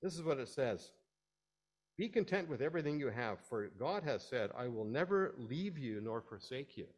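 A man preaching a sermon, explaining scripture in a teaching tone and rising to emphatic, animated stresses. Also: mid-range voice, normal speed.

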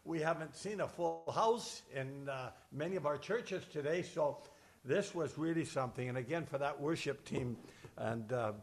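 A man leading a church service as pastor, emotional and chatty, fumbling with his notes and screen between warm asides. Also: fairly high pitch, moderate pace. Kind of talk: sermon with casual asides. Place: church service shared over video call.

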